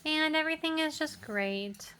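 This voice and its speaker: A woman's voice: high voice, lively intonation, moderate pace, sharp tone, a little hiss or hum. A young woman vlogger telling a story in a casual, rambling way, full of "like" fillers, still shaken and jittery.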